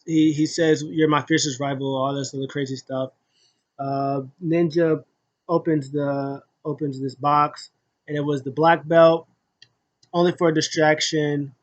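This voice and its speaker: A man's voice: on the high side, little pitch movement, slow, pauses often, highs cut off. A man casually recapping a wrestling show, rambling with many fillers and restarts and acting out what people said.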